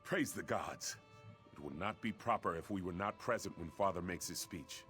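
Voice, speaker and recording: A man's voice: low voice, moderate pace, a bit bright. An actor playing an earnest young warrior prince who speaks formally and urgently to his brother in a video game. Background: game music.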